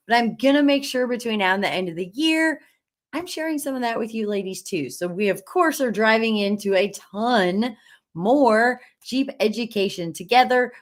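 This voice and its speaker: Upbeat woman hosting a live stream. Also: fairly high pitch. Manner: upbeat and encouraging, gushing. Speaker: host of a live stream for women Jeep owners. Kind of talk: live-stream chat reading viewer comments. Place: studio.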